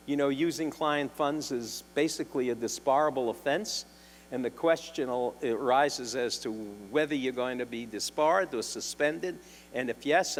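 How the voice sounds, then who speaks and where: An older man with a New York accent, a defense attorney telling wry anecdotes to a symposium audience, clearing his throat now and then. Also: medium pitch, slight background noise. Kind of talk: storytelling talk. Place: lecture hall. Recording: long hall reverb.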